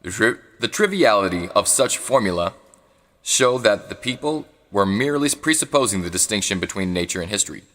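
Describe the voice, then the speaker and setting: A man giving a live reading of a philosophy book. He reads haltingly, restarts and corrects misread words, and adds asides when he is unsure how to say foreign words. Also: fairly low pitch, animated, a bit bright, in a large hall. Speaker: reader.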